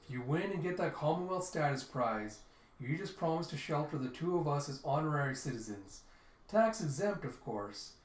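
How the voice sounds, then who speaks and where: A man reading aloud and voicing a scheming old male cyber technician in a gruff, dealmaking way, recorded in a roomy space. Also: on the high side, lively intonation, moderate pace, natural voice. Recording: roomy echo.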